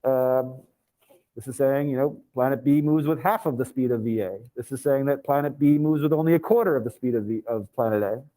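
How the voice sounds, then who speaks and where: A man teaching physics to a live online class, his voice mellow and relaxed. He thinks aloud as he goes, reads formulas out slowly and drops casual asides. He sounds like he is talking into a computer mic on a video call. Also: medium pitch, poor audio.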